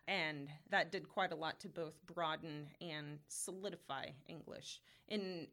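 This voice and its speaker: A woman explaining the history of English words in a steady, conversational academic way. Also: lowish voice.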